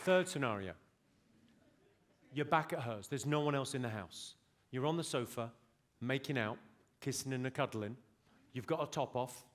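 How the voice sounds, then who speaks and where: A man's voice: medium pitch, expressive, moderate pace. A man doing stand-up on a big theater stage, lecturing an audience member in a dry, mock-stern way. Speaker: stand-up comedian. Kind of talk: stand-up comedy set. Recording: live show with loud crowd laughter.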